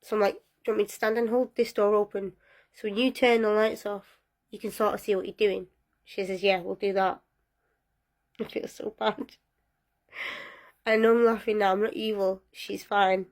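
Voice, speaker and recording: A young woman telling a personal story in a casual, lively way, often breaking into laughter. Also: mid-range voice, moderate pace, long pauses.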